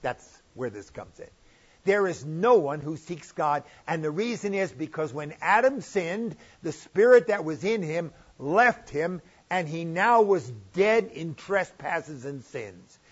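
An older man preaching a sermon with a slightly husky voice, stressing key points with rising emphasis and slowing down. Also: fairly high pitch, expressive, dull audio. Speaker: pastor.

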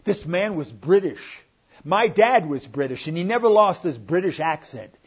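An older man delivers a sermon in a plain, earnest way, his voice sitting a bit high for a man. He now and then swells louder to press a point. The recording is muffled and lo-fi. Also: sing-song, moderate pace, husky. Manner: earnest, plainspoken preaching with sudden rises in loudness. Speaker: pastor. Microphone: online sermon recording.

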